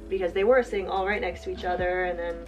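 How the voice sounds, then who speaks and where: A woman telling a lively story as a guest in a casual chat, acting out quotes with laughs. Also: fairly low pitch, fast, soft background music, poor audio. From half American, half German. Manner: animated, acts out quotes, laughs often. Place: at home.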